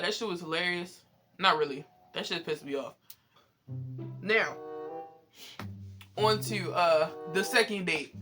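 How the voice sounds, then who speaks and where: A young man telling a story in a casual, animated, profane way, exasperated and often laughing. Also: high-pitched. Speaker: vlogger.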